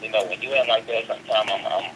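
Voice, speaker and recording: A man's voice: lowish voice, fairly even intonation, quick pace, background noise. A man calling in as a show guest, speaking earnestly and often restarting his sentences. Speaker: guest caller. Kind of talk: casual talk.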